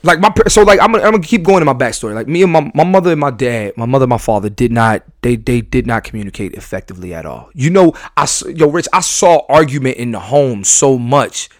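A man at a middle pitch talks straight into a dry, close mic on his podcast. He speaks emphatically, circling back over his own phrases as he works out a thought. His voice jumps from loud bursts to low, quiet asides. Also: expressive, quick pace, hardly any pauses, no room sound. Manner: emphatic, repeats and restarts phrases. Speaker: podcast host. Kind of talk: candid podcast monologue.

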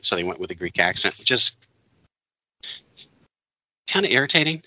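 A podcast co-host reviews a movie in casual chat, sounding bright, opinionated and rambling, and he laughs often. His low voice is expressive at a moderate pace. The recording is dull, dry and lo-fi with no echo.

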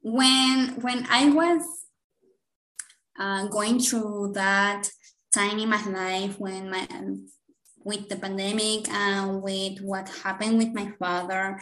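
A woman's voice: mid-range voice, fairly even intonation, takes it slowly, a bit bright, slight background noise. Emotional, rambling woman in an echoey room. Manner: emotional, rambling, laughs often. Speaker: podcast co-host. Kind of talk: casual chat.

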